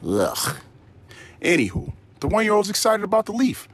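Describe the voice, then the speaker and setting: A man's voice: sits high, moderate pace, breathy edge, dry recording. A man rambling through a spoken diary in a crude, profane, ranting way. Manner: animated, swings into mock-excited tones. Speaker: diary podcast host.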